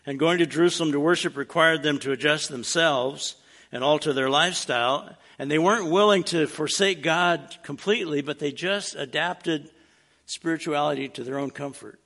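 A man preaching in a relaxed, conversational way, with a fairly high voice that is gravelly and bright. He keeps his teaching plainspoken and slips in dry, joking asides. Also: moderate pace. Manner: casual and plainspoken with wry humorous asides. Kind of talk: conversational sermon.

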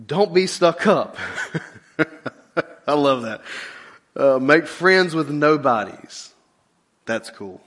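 A middle-aged man preaching a sermon as a pastor, in a relaxed conversational way with lively asides. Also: on the high side, very slow, long pauses.

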